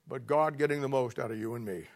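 A man preaching a sermon with a blunt, scolding, plain-spoken manner, swinging from quiet murmurs to loud emphatic peaks. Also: mid-range voice, fast talker.

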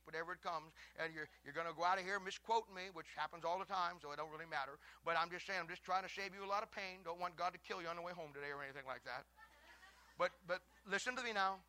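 A man preaching a sermon, fiery and shouting at times, then dropping into a lower, chatty tone with joking asides. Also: no echo.

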